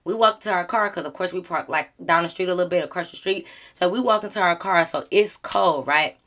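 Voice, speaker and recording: A woman YouTuber telling a storytime vlog in a sassy, slangy, animated way. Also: on the low side, fairly quick.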